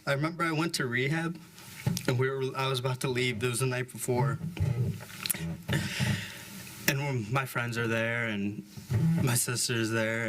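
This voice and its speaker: A young man speaks candidly as he gives a eulogy for his grandmother, in plain speech with fillers and a middling pitch. The recording is made live at the service, with steady background noise. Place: funeral service.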